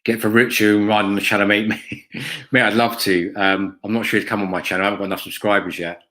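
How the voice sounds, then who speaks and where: Brief: man, fan channel host, casual stream chat, low-pitched, blunt and profane, rambles with ums. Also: little pitch movement, fast, bright, forceful tone. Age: adult, has a school-age son. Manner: blunt, sweary, lots of ums and "mate".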